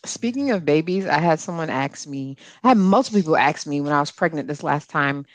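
A woman's voice: deep voice, lively intonation, brisk, dry recording. Woman podcast co-host, candid, exasperated, casual chat, dry close sound.

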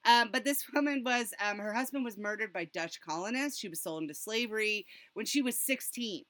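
A woman co-hosting a casual podcast, telling stories in an animated way and breaking into excited laughter. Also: mid-range voice, fairly quick, no echo. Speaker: podcast co-host.

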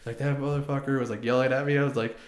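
A man's voice: mid-range voice, level tone, very fast, crowd noise. Chatty young man in an echoey room. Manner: rambling, lots of "like" and acted-out quotes. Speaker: former Marine recounting service. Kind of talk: casual podcast storytelling.

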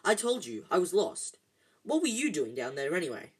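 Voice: mid-range voice, very animated, normal speed, slightly rough. A reader voicing an earnest young schoolboy wizard, close to the own reading voice, in an amateur audiobook.

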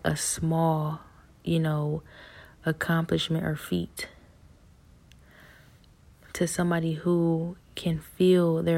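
A young woman's low, husky voice with vocal fry carries her personal faith testimony. She talks in a soft, whispery, halting manner, frequently restarting and filling pauses.

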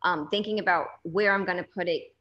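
A woman's voice: lowish voice, fairly quick, highs cut off. A woman talking as a guest in a casual chat, candid and self-deprecating, rambling a little. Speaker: author guest.

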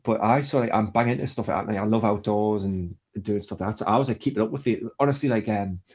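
Husky young northern man. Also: lowish voice, fast, a little mellow. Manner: rambling storyteller, swears freely, many fillers. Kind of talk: casual chat.

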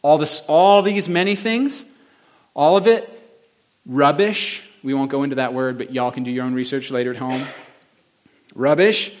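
A male pastor giving a conversational sermon that swings between quiet, reflective passages and emphatic building moments. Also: mid-range voice, moderate pace, long pauses.

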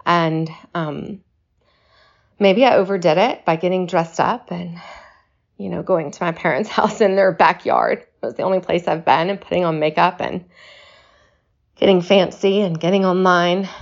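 A woman speaking slowly and reflectively in a personal video message, short of breath and pausing to reassure her listeners. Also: fairly low pitch, muffled recording. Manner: slow, reflective, reassuring delivery.

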